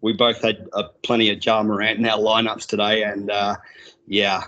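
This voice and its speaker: A man's voice: fairly low pitch, little pitch movement, normal speed, sharp tone, lo-fi sound. A man with an Australian accent, a podcast guest chatting casually and teasing the host in a playful way. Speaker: guest analyst.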